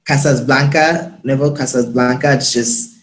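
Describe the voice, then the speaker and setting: A young man from Nigeria, a guest talking in a casual interview, quick and emphatic. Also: mid-range voice, fairly even intonation. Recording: roomy echo.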